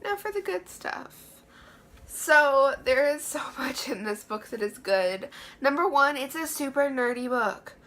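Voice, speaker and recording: A woman's voice: high voice, animated, measured pace, fairly bright tone. A woman giving an enthusiastic, chatty book review in a room lined with books. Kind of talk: casual book review vlog.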